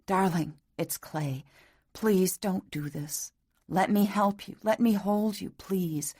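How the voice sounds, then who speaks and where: A woman narrator voicing a tender, anguished young husband who pleads softly and throatily. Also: medium pitch, fairly even intonation, takes it slowly, breathy edge, no room sound, clean studio sound. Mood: tender pleading.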